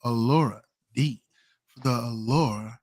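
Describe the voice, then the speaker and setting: A man's voice: medium pitch, unhurried, darkish tone, no echo. A man hosting a casual late-night podcast, laid-back and slangy. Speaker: podcast host. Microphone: home streaming mic, adjusting gain.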